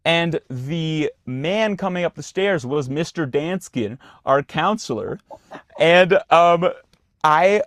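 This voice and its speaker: A young adult man, a podcast guest telling a story in a loose, animated way. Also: a little high, slow pace, no echo, studio quality. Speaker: guest, actor and singer. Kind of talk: casual storytelling in a podcast interview.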